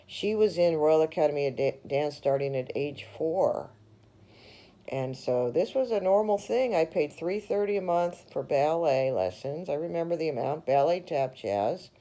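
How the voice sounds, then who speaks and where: A woman's voice: sits low, animated, normal speed, mellow, low-quality recording. A middle-aged woman, a former realtor, telling her own story in a rambling, aggrieved monologue full of fillers and restarts. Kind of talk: personal monologue.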